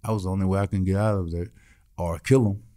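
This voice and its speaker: A man's voice: deep voice, steady tone, quick pace, mellow. A man, a musician guest in an interview, telling his story bluntly and acting out the voices of the people in it. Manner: blunt, swears freely.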